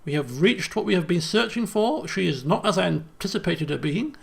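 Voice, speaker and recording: Man, game commentary, lively high voice, gravelly, bright. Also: moderate pace. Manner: jokey, animated, exasperated. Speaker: let's player.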